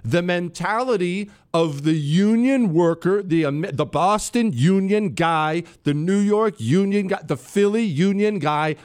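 Animated, opinionated male talk host. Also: high voice. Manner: animated, opinionated, addresses producers and listeners directly. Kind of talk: political talk monologue.

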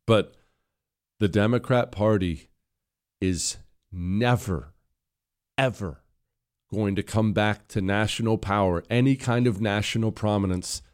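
A man's voice: on the low side, darkish tone. A man hosting a political commentary show, talking in a combative, sarcastic and mocking way as he reacts to clips.

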